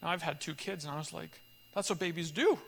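High, gravelly man telling stories in a hall. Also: fast. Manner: animated storyteller, acts out dialogue, laughs often. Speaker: pastor leading a church group. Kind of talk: conversational teaching talk with storytelling.

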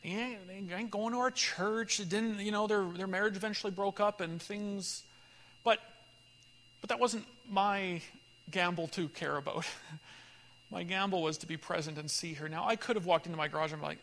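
A man leading a church group, telling a story in a lively conversational way and acting out the voices of people in it. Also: high-pitched, moderate pace, in a large hall, a little hiss or hum. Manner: animated storyteller, acts out dialogue, laughs often. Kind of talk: conversational teaching talk with storytelling.

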